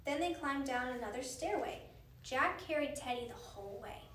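A woman's voice: high voice, animated, moderate pace, a bit bright, reverberant, recorded from a distance. Woman reading a children's book aloud. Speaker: reader.

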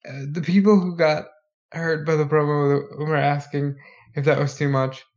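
Slightly high male podcast co-host, eager and chatty, dull lo-fi sound. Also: flat delivery, normal speed, darkish tone. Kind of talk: casual wrestling chat.

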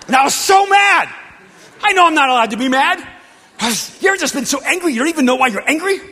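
A middle-aged male pastor preaching a sermon through personal stories, swinging from hushed confession to shouting. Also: extremely high pitch, expressive, fast. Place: large church gathering hall. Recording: long reverb of a big hall.

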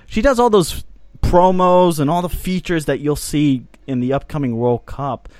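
A man's voice: fairly high pitch, normal speed, darkish tone, dry recording. A man from the United States hosting a soccer podcast in casual chat, teasing his co-hosts and laughing often. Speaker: podcast host.

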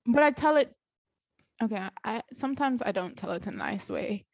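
A young woman chatting casually with a friend, blunt and excitable, often laughing. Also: mid-range voice, normal speed, creaky, no room sound. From French background. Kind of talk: casual chat.

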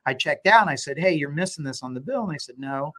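A middle-aged man, a law firm owner, talking as an interview guest and telling stories with animated, acted-out dialogue. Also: a little high, fast talker. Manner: animated storyteller, acts out quoted dialogue. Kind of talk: conversational interview.

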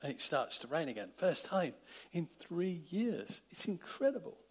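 A man delivers a sermon with a slightly higher-than-average voice. He tells the story in a lively, animated way and acts out the characters' lines with sudden loud bursts. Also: normal speed, breathy edge. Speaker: preacher.

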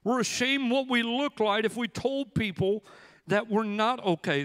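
A male pastor preaching a sermon, telling a story with animated, acted-out quotes. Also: very high-pitched, big-room sound.

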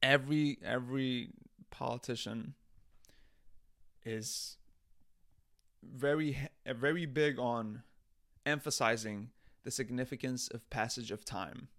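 A man's voice: mid-range voice, slow, long pauses, a bit bright, dry recording, clean studio sound. A man hosting a podcast, delivering comedic commentary in an exasperated, profane rant. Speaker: podcast host.

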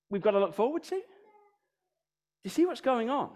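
A man's voice: high-pitched, fast talker, long pauses. A man in his thirties with a British accent preaching a sermon in a church, firing off rhetorical questions. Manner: animated, rhetorical questions, sings snatches of songs.

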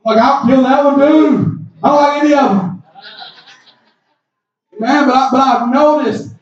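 A man preaching a sermon in an impassioned, shouting style, often breaking in with "amen.". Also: extremely high pitch, fairly even intonation, a little slow. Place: church. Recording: echoey, distant, muffled hall mic.

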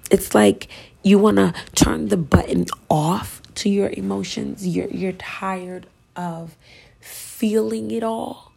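Gravelly, husky woman preaching slowly. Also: fairly low pitch, steady tone. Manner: intense, often dropping to a hushed whisper; emphatic, urging. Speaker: spiritual speaker. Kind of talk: sermon.

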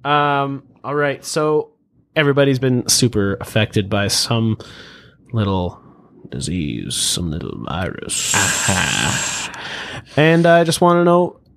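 A man's voice: medium pitch, very animated, takes it slowly, long pauses. A young man hosting a casual podcast interview, laid-back, laughing often and swearing freely. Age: young adult. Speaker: podcast host.

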